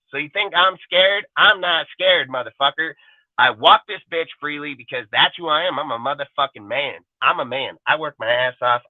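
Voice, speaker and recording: A man hosting a sports talk show delivers a defiant, profanity-laced rant. His voice sits a little high and close, with no room sound. It comes through a thin, phone-like line. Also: dry recording. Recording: tinny phone-like dry line.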